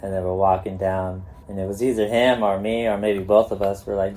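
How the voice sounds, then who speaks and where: A man's voice: lowish voice, level tone, fairly quick, warm tone. A middle-aged man from California, a guest telling laid-back stories, swearing freely and laughing as he goes. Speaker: guest, pro skateboarder. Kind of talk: casual storytelling.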